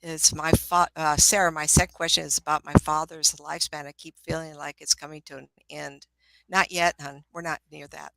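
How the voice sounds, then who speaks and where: Older lady psychic, gravelly and bright, chatty and motherly, calls ppl honey. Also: low voice, little pitch movement, normal speed, no echo, rough recording. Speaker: psychic medium. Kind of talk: casual live-stream reading.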